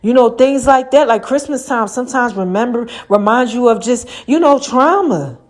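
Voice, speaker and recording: A woman hosting her own podcast, talking casually and chattily with slang, swinging between loud laughing bursts and low murmurs. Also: expressive, normal speed. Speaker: podcast host. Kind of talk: casual rambling monologue. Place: room with lights and a mirror.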